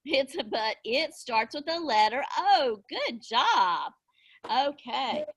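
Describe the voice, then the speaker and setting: Slow, high-voiced woman teaching phonics. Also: big pitch swings, a bit bright. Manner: slow, encouraging, exaggerated sounding-out. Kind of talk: online phonics lesson with children. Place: home, video call. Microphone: laptop mic on video call. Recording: noisy video call audio.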